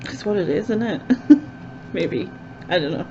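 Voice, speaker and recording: A woman vlogger chats casually to the camera, rambling with plenty of fillers. Her voice is lowish, warm, expressive, and unhurried. The lo-fi audio sounds dull, with slight background noise.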